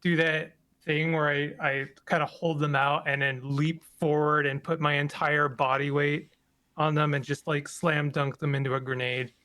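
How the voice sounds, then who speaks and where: A man with a fairly high, bright and smooth voice plays in a tabletop role-playing game. He thinks aloud haltingly, restarting his sentences as he works out his move. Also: flat delivery. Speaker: player. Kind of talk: casual tabletop play.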